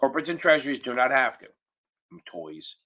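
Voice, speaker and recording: Bright-voiced, swearing exam tutor. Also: male voice, mid-range voice, expressive, fairly quick. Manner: casual, profane, joking teacher. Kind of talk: live online Q&A lesson. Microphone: computer mic on a video call.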